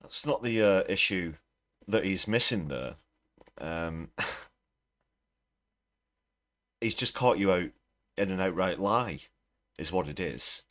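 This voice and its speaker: A man's voice: low voice, lively intonation, slow pace, pauses often, fairly bright tone. A man hosting a livestream, reacting to news clips with wry, dry commentary. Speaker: livestream host.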